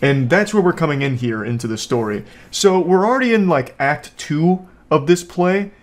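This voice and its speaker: A man's voice: fairly high pitch, animated, moderate pace. A man giving casual reaction commentary on a video from home, sarcastic and joking with rambling asides.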